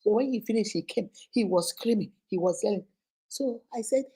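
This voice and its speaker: A woman hosting a live stream, telling a story in an animated, dramatic way. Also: mid-range voice, moderate pace, breathy edge. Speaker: host.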